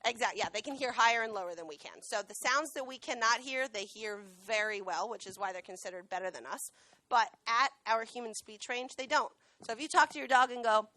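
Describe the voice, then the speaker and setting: A woman who trains dogs, giving a lively classroom talk and often asking the students questions. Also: fairly high pitch, fairly quick. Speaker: dog trainer and veterinary technician. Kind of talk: classroom talk with a live dog demo. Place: school classroom.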